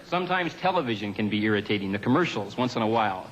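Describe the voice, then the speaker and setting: A man doing a stand-up comedy routine on a television studio stage, with a dry, deadpan observational delivery and offhand asides. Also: on the low side, quick pace, some chatter behind, slight background noise, poor audio.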